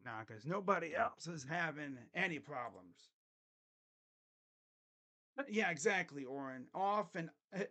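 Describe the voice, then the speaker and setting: Talking into a desk mic at his home setup, a high-voiced man runs a casual sports livestream. He's very animated yet grumbling and sarcastic, with a sharp tone and offhand swearing, speaking at a measured pace with long pauses.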